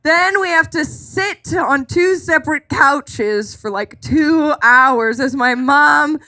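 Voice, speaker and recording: A young woman with a high, bright voice tells a story to a live audience, animated and self-mocking, switching into voices for the people in her tale. She talks into a stage microphone. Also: slow pace. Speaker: stand-up comedian. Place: live comedy club stage.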